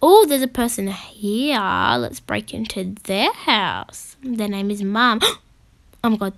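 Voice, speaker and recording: A woman's voice: medium pitch, very animated, takes it slowly, fairly bright tone, no room sound. A woman hosting her gaming channel, chatting casually through her gameplay with frequent gasps and exclamations. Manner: chatty, giggly, gasping and exclaiming.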